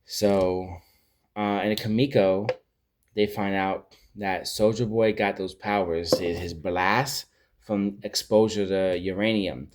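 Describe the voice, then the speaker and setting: A man with a fairly low voice recaps a TV series in a loose, chatty way. He rambles and gets animated, often stopping to search for the right word. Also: takes it slowly, noisy background. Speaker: pop culture vlogger. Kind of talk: casual TV show recap.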